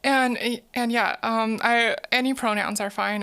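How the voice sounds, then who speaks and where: A woman's voice: a little high, fairly even intonation, unhurried, a bit bright, smooth. A woman streamer chatting casually with her viewers, giggling often and repeating words as she thinks. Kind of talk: casual live-stream chat.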